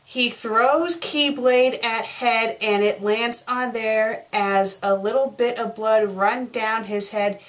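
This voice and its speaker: Young woman reviewer, slightly high voice, unhurried sarcastic delivery, exasperated ranting. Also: fairly even intonation. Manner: exasperated, sarcastic, rants at mistakes. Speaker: fanfic reviewer. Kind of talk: comedic review reading.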